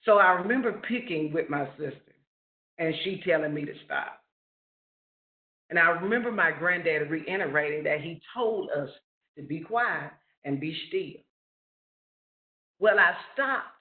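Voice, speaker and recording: Guy slowly telling his own story, earnest, echoey room, tinny call audio. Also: high voice. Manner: slow, earnest storytelling with rising questions. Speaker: webinar presenter sharing family story. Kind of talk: personal story reading. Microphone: webinar call. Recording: roomy, phone-like lo-fi webinar audio.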